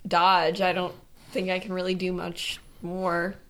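A woman's voice: lowish voice, completely flat delivery, measured pace, a bit bright, rough recording. A woman playing a tabletop game with friends, talking casually and asking unsure questions about the rules. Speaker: player.

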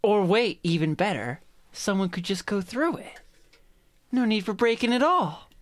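A game master narrates a tabletop game with vivid, drawn-out description and calls on players for rolls. The voice sits at a middle pitch. It is recorded dry and close. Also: animated, no echo.

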